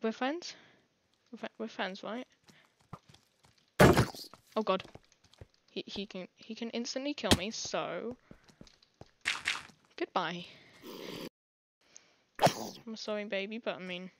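A woman's voice: medium pitch, slow, pauses often, muffled recording, heavy background noise. An English woman giving rambling, jittery live commentary over her own gameplay, full of panicked exclamations. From England. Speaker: gaming channel host.

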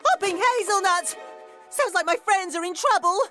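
A performer voicing a bossy, excitable squirrel in a cartoon, snapping out brisk commands. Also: extremely high pitch. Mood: urgent bossy. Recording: cartoon soundtrack with music.

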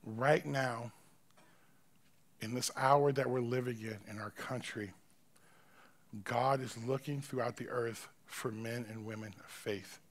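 A male pastor preaching a sermon in a church, swinging between loud, forceful preaching and quiet, close talk in casual, slangy phrasing. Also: mid-range voice, fairly even intonation, takes it slowly, long pauses. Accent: Southern American.

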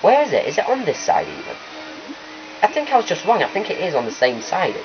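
A man's voice: on the high side, wildly swooping pitch, fairly quick. A man hosting a let's play, talking through gameplay in a rambling, chatty way that keeps correcting itself. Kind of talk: gameplay commentary. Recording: lo-fi capture with faint game music.

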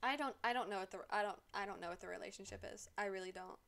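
A woman's voice: medium pitch, very fast, gravelly, fairly bright tone. A woman streamer chatting casually as she plays a life-sim game, sarcastic and swearing freely as she scolds the characters aloud.

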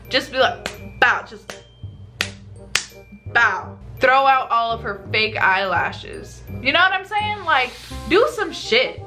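Sassy, foul-mouthed young woman. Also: pushed and bright. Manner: blunt, profane and sassy; rhetorical questions and swings of pitch. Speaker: vlogger answering viewer questions. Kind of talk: casual chat.

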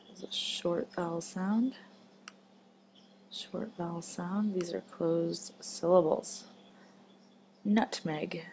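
Slow, patient woman teaching phonics. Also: fairly low pitch, fairly even intonation, darkish tone, a little hiss or hum. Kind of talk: phonics lesson for children.

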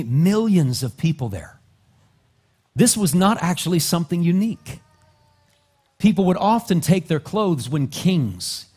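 A male pastor preaching a sermon, dropping to soft, low asides and then climbing into loud, rising exhortation. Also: husky. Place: church sanctuary.

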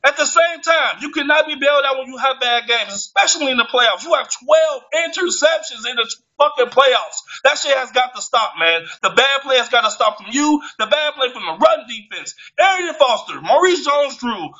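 A man with a very high, piercing voice vents in a furious, curse-filled fan rant, tripping over his words as he gets worked up. The sound is dull and lo-fi. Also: expressive, moderate pace, few pauses, bright, forceful tone. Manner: heated, swearing, stumbles over words when worked up. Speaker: sports fan vlogger. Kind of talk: angry profane rant to camera. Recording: muffled lo-fi recording.

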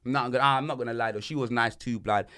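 A man hosting a casual banter podcast, slangy and animated, swinging between loud and soft. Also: medium pitch, fast talker. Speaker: podcast host.

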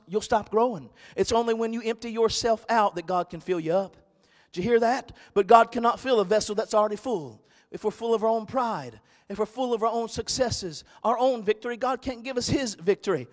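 A male pastor preaching a sermon, swinging from loud, shouted exhortation to quiet, hushed storytelling. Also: sits high, big-room sound.

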